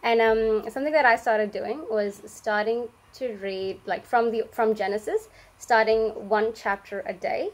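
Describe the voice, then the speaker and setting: Young Australian woman, podcast co-host, relaxed and reflective, higher voice. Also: a little slow, hardly any pauses, poor audio. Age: young adult. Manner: easygoing, reflective, frequent ums. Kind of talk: casual faith chat.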